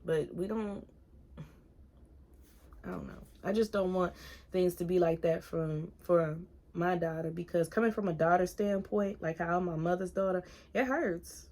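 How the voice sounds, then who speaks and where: A woman in her thirties talking openly in a personal vlog, earnest and halting, at times giving direct advice to viewers. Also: on the low side, darkish tone. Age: 30s. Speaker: single mom vlogger.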